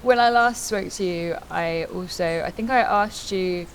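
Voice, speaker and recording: A woman's voice: on the low side, unhurried, a little hiss or hum. A woman hosting a casual interview, asking easygoing chatty questions. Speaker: interview host.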